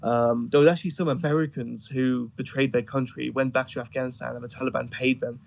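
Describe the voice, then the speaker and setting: A man with a gravelly, rough-edged voice at a middling pitch, chatting casually. He tells rambling, amused stories full of ums and uhs. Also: flat delivery, fairly quick, low-quality recording. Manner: rambling, amused storytelling with many fillers. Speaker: guest describing travels in Afghanistan. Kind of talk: casual conversation on a voice chat.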